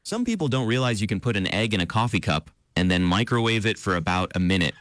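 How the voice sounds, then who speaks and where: A male text-to-speech voice reading listener messages aloud in a flat, even, synthetic way. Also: lowish voice, fast talker.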